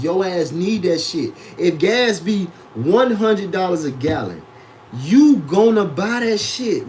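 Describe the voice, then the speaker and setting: A man streaming a reaction to clips, ranting with lots of profanity and animated asides. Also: high-pitched, slight background noise, rough recording. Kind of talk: livestream reaction commentary.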